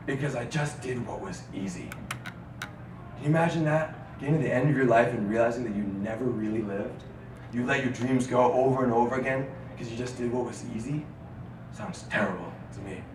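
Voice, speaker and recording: A man giving an inspirational speech to a live audience in a student lounge, rousing the crowd into call-and-response chants and swinging between loud and hushed delivery. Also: fairly high pitch. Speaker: motivational speaker. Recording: roomy, distant mic, audience and room noise.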